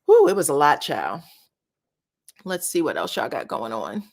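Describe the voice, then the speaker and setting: A woman's voice: deep voice, wildly swooping pitch, normal speed. A woman hosting a casual reality-show commentary, chatting and reading viewer comments aloud. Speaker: commentary channel host.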